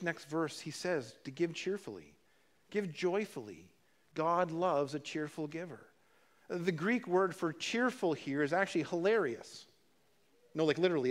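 A man preaching a sermon in a relaxed, conversational way, his voice sitting a little on the high side for a man. He often repeats words and restarts his phrases, and slips in dry, humorous asides. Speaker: pastor.

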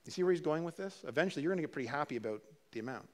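Male pastor, slightly higher voice, chatty preaching with restarts and dry humor. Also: expressive, very fast, few pauses. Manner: conversational preaching with repeated words and restarts. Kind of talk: sermon.

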